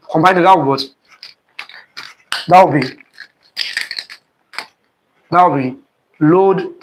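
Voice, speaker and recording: In an online exam-prep physics lesson, a man with a somewhat high voice repeats key terms and quizzes students with "what?" questions. He speeds up and slows down, stressing the terms. The recording is low-quality, with a slight hiss or hum.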